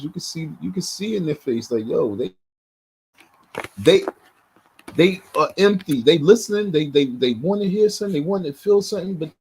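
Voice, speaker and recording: Man, husky voice, blunt and heated livestream commentator, repeats his points. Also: a little high, darkish tone, rough recording. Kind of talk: casual live commentary.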